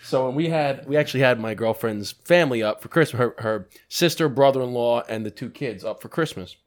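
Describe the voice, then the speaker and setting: A man's voice: mid-range voice, brisk. A man co-hosting a casual podcast, swapping laughing, joking banter over cigars and whiskey. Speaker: podcast co-host. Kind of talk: casual chat.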